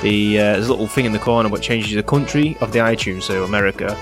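Over music, a man with a Northern English accent and a fairly low voice talks quickly as a podcast co-host. His casual chat rambles, full of fillers and restarts.

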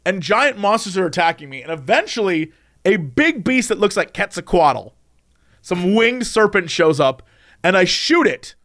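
A man in casual conversation, recounting a strange recurring dream with lively delivery and frequent laughs. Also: high-pitched, moderate pace. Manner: animated, acts out quoted voices, laughs often. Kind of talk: casual storytelling chat.

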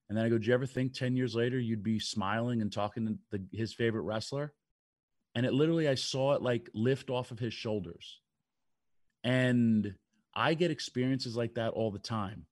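An older man spins loose, meandering stories on a talk show, with plenty of "you know" and "like" along the way. His voice sits at a middle pitch. The sound is dry and close, with no room around it. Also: dry recording. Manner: rambling storyteller, lots of fillers. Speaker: wrestling radio co-host. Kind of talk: casual radio talk.

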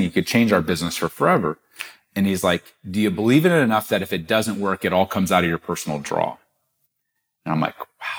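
A man with a somewhat low voice telling a business story in a podcast interview. He talks animatedly and acts out the lines of the people in his story. He sounds middle-aged. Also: a bit bright. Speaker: guest, gift-giving business founder.

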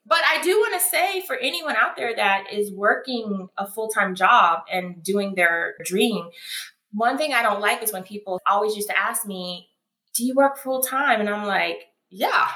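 A woman being interviewed, telling her story in an animated way and acting out what people said. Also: medium pitch, measured pace. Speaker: guest, founder of a foot care brand. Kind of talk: casual interview conversation. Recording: echoey room.

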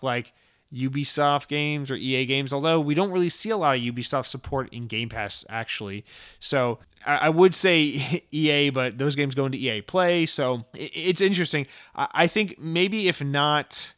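A young man talks on his own show in a loose, rambling way, tripping over restarts and tossing in curse words as he gets excited. His voice sits a bit high for a man. The sound is close and dry, with no room around it. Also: moderate pace, smooth, no echo. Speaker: podcast host. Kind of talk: casual solo podcast chat.

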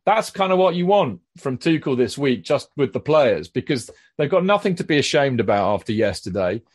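A man in a mid-pitched voice makes his points with emphatic repetition. The recording is dry and close, with no room echo. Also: sing-song, brisk. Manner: emphatic, repeats phrases for weight. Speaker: podcast co-host. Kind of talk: casual football chat.

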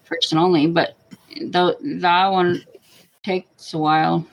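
A woman's voice: on the low side, slow pace, low-quality recording. A woman co-hosting a podcast in casual chat, telling a story with lots of laughter and acted-out quotes. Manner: animated storyteller, laughing often, acts out quotes. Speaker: podcast co-host.

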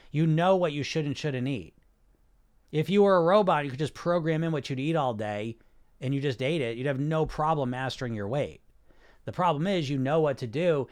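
A man hosting a podcast, talking bluntly and with plenty of swearing about weight loss and the subconscious mind, firing rhetorical questions at his listeners. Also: a little high. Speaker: podcast host, hypnosis weight-loss coach. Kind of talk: casual podcast monologue.

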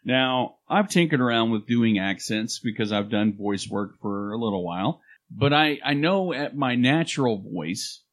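A podcast co-host chats casually at an unhurried pace in a medium-pitched voice, projecting like a radio presenter and often restarting his sentences. He's recorded on a studio microphone.

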